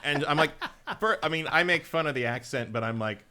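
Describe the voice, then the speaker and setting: A man's voice: mid-range voice, animated, fairly quick, sharp tone, clean tone. A middle-aged man co-hosting a podcast, telling rambling stories in casual chat, with lots of restarts and the odd swear word. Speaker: podcast co-host.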